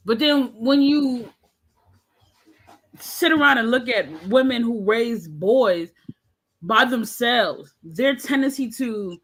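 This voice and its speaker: A woman in her thirties speaks as a panelist on a podcast, taking part in a candid discussion. Her voice is a little high and her pace slow, and she talks frankly and with animation, acting out the voices she quotes. The audio quality is poor.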